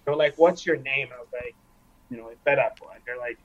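Man, thirties, from Nigeria, storytelling guest, mid-pitched voice, dull lo-fi sound. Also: fairly even intonation, fairly quick. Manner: reflective storyteller who acts out quoted dialogue. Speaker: interview guest. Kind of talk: casual interview conversation.

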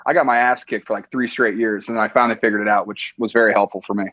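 On a dry, lo-fi recording, a young Midwestern football player, a tight end from Iowa, guests on a podcast. His lowish voice is steady yet sharp and quick, and his relaxed chat leans heavily on "like" and "dude."

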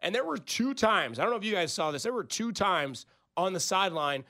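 Male sports talk co-host, higher voice, animated and argumentative, uses analogies. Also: brisk. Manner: animated, builds arguments with analogies and acted-out quotes.

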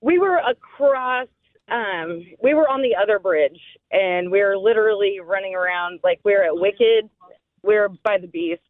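A man's voice: sits high, moderate pace, no room sound. A man calling into a radio show, chatting breezily about just missing the find. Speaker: caller reporting on air. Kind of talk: casual phone-in chat. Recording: dry tinny phone line.

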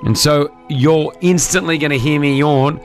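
A man hosting a morning radio show, talking in a playful, teasing way. His voice sits a little high, with faint music running underneath. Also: fairly even intonation, normal speed. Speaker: radio host. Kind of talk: casual radio chat.

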